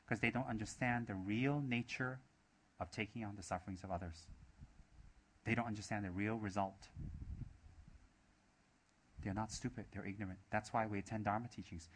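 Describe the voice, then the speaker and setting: A man's voice: on the low side, fairly even intonation, moderate pace, long pauses, breathy edge. A man giving a Buddhist dharma talk, emphatic and repetitive, asking many rhetorical questions. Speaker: Buddhist teacher.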